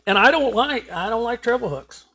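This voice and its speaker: An older man with a Missouri accent, a guest telling fishing stories in a folksy, animated way. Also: very high-pitched, normal speed, a little hiss or hum. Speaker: guest, retired water patrolman. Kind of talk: casual storytelling.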